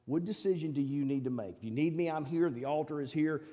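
Preacher, male, mellow and a bit high, emphatic sermon delivery, long church reverb. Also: fast talker. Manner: emphatic, swings between loud appeals and low asides. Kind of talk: sermon with altar call. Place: church sanctuary.

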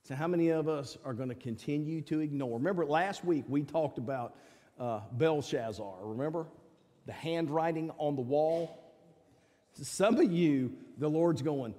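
A man preaching a sermon and giving an altar call, emphatic, swinging between loud appeals and quiet asides. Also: on the high side, normal speed, long reverb tail. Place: church sanctuary.

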